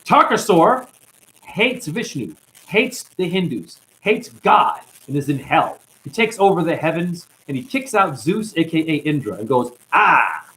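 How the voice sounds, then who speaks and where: A man delivers an impassioned spiritual monologue as a self-styled teacher, ranting straight at his viewers. His voice sits on the high side and swings widely in pitch. He drops "honey" into his scolding. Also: big pitch swings, measured pace, fairly bright tone, poor audio. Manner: ranting, calls listeners honey.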